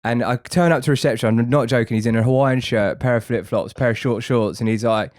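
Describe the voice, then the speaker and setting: A man's voice: medium pitch, fairly quick, darkish tone, no echo, clean studio sound. Man telling a story, sweary. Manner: swears freely, laughs through the story. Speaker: podcast co-host. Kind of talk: casual storytelling.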